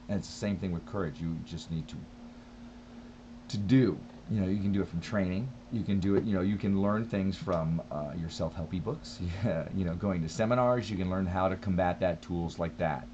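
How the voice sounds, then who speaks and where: A man's voice: deep voice, moderate pace, darkish tone, highs cut off, slight background noise. A man talking thoughtfully in a casual vlog monologue, rambling with frequent restarts. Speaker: vlogger.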